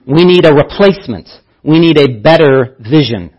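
A man's voice: a little high, expressive, normal speed, lo-fi sound. A man preaching a sermon as pastor, teaching earnestly and repeating key phrases for emphasis.

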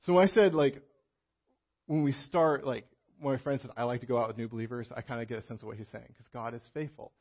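A man preaches in a rambling, conversational storytelling way. His voice is gravelly and a little husky. The recording sounds dull and low-fidelity. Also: fairly even intonation, fast. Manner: conversational storytelling with many restarts and fillers. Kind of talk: sermon with personal story.

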